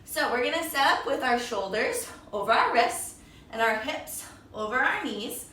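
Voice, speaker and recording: A woman's voice: high voice, expressive, moderate pace, bright, forceful tone, a little hiss or hum. A woman guiding a children's yoga class with a storybook, in a playful, encouraging, sing-song way. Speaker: kids yoga teacher. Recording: echoey room, voice from a distance.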